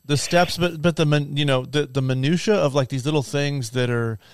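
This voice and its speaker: A man hosting a podcast, chatting casually and cutting in with quick interjections. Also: fairly high pitch, no echo, studio quality. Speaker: podcast host.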